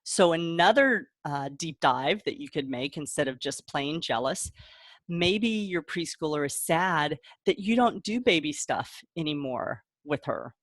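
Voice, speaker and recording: Middle-aged woman, parent coach, lowish voice, dry close sound, chatty and laughing. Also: lively intonation, a little slow, no room sound. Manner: warm chatty explaining, acts out kid voices, laughs often. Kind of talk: casual advice talk.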